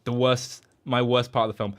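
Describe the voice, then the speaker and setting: A young man talks casually at a mid pitch. He rambles through his film recap in a loose, chatty way. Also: flat delivery, moderate pace. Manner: chatty, rambling, slips into silly impressions. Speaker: podcast co-host. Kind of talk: casual film review chat.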